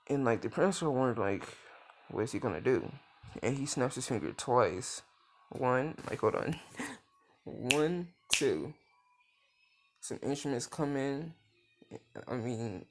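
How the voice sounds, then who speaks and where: A young man improvising a fan story in casual chat, rambling with lots of fillers and restarts. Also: medium pitch.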